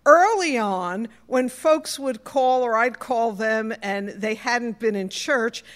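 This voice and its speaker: A woman pastor with a New York accent delivers a sermon at an unhurried pace. Her voice sits a little high, and she tells stories in a warm, personal way.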